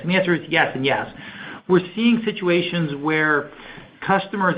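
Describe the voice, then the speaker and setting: A man's voice: fairly high pitch, lo-fi sound, a little hiss or hum. A man, a company executive, answering analyst questions on an earnings call in an enthusiastic, conversational way with many fillers.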